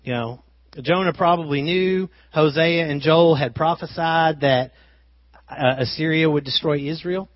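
A man preaching with a fairly high voice. He swings from loud, driven emphasis down to quiet, intimate asides. The sound is dry and a little dull. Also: moderate pace, dry recording. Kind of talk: sermon.

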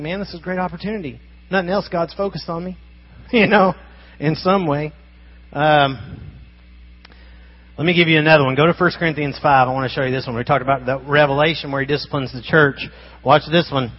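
Husky-voiced man preaching emphatically. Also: on the high side, fairly even intonation, a little fast, muffled recording. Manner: emphatic, conversational preaching with rhetorical questions. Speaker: pastor. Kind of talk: sermon.

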